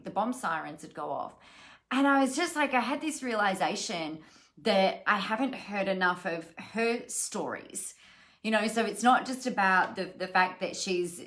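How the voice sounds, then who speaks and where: A woman's voice: mid-range voice, a bit bright. A woman, a business coach, giving a chatty, encouraging live-streamed talk with frequent fillers and greetings to viewers. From Australia.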